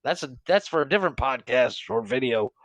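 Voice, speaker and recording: A man co-hosting a comedy podcast, bantering crudely and laughing loudly at his own jokes. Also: medium pitch, expressive, brisk, no room sound. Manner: loud laughing, jokey. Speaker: podcast co-host.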